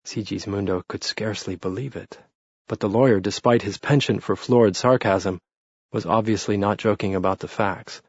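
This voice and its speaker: A man narrating an audiobook in a steady, measured storytelling manner, close to the mic. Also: lowish voice, husky, no room sound, dull audio. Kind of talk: scripted narration.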